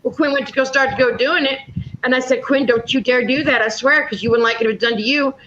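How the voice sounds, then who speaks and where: A woman's voice: high-pitched, steady tone, fast, fairly bright tone, slight background noise. Blunt, swearing woman in her fifties. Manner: blunt, profane storyteller. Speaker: panel speaker. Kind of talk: casual chat. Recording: dull lo-fi audio.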